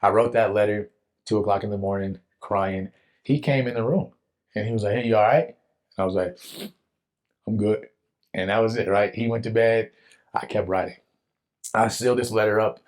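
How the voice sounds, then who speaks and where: A young man telling a personal faith testimony in an earnest, animated way, with casual slang. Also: fairly low pitch, moderate pace, pauses often. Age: young adult. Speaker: guest telling his testimony.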